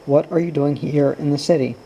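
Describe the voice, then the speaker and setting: A man's voice: a little high, fairly even intonation, a little fast, creaky, warm tone, husky, poor audio. A man reading the lines of a bitter, guarded young mother, with curt, cutting replies. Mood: cold.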